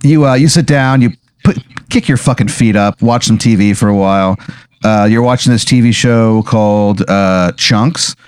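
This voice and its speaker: A man's voice: on the low side, moderate pace, clean tone, no echo. Laid-back rambling man running the story. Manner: rambling, lots of filler words, laid-back. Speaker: game master. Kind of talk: improvised narration of a comedy role-play.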